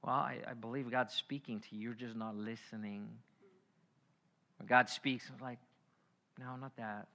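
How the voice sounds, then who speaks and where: Animated man preaching a sermon. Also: mid-range voice, moderate pace. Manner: animated, acts out quoted voices, swings from hushed to loud. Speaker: pastor.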